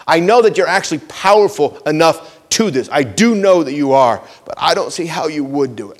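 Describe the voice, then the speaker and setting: A man preaching a sermon, earnest and pleading, who pushes his listeners with repeated questions and swings between hushed intensity and raised urgency. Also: mid-range voice, big-room sound. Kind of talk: sermon, teaching from scripture.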